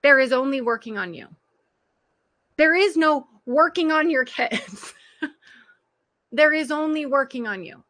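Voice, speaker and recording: Bright high-voiced woman coaching. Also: lively intonation, a little slow, long pauses. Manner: earnest, direct address to listeners, frequent laughter. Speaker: parenting and life coach. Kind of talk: motivational coaching talk on a group call.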